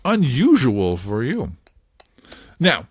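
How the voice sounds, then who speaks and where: A male podcast host chatting casually into a close mic, in a very dry, dead room. His pitch swings widely as he talks, and he laughs easily in an upbeat, playful way. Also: wildly swooping pitch, slow, husky, no room sound.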